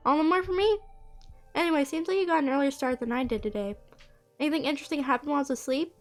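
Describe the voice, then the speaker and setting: A woman's voice: high voice, fast, soft background music, close to an everyday voice. A woman voicing a cheerful, chatty young woman who has just woken up, in a game playthrough. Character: cheerful sleepy young woman, friendly cousin.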